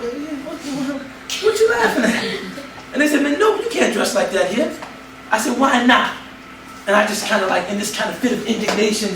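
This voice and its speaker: A man's voice: sits high, distant mic, background noise. A man giving a humorous, slangy storytelling talk on religion to a student audience in a lecture hall.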